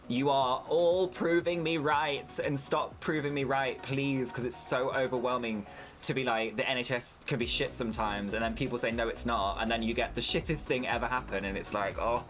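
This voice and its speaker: A British man streams a farming game, chatting candidly with viewers and swearing freely as he plays. His mid-range voice is a bit bright.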